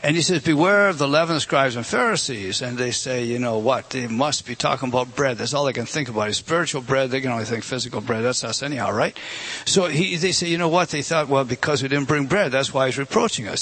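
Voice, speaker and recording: A man's voice: medium pitch, fast talker, fairly bright tone. A man preaching a sermon in an earnest, emphatic way, often repeating words and addressing the congregation directly. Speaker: pastor.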